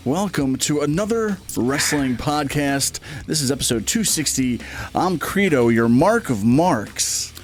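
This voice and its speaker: A man's voice: a little high, animated, unhurried. A man co-hosting a wrestling podcast in casual chat, rambling and repeating himself as he talks. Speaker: podcast co-host.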